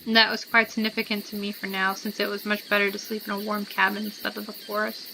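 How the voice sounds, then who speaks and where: A woman's voice: mid-range voice, completely flat delivery, fast, gravelly, noisy background. A young woman playing a story game, reading its text and chatting casually as she thinks aloud. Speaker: let's-play gamer.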